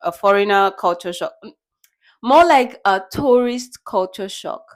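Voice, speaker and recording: A young woman from Nigeria talking casually to the camera in a vlog, chatty and lively, acting out little bits of dialogue. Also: mid-range voice, a little slow. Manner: chatty, animated, acts out quoted dialogue with laughs. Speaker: vlogger. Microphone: small bought microphone.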